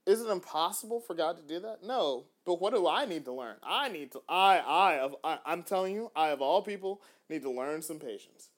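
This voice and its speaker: A man hosting a faith-based podcast, talking in an animated way with frequent restarts. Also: on the high side, fairly quick, hardly any pauses. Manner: animated, acts out little dialogues, frequent restarts. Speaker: podcast host.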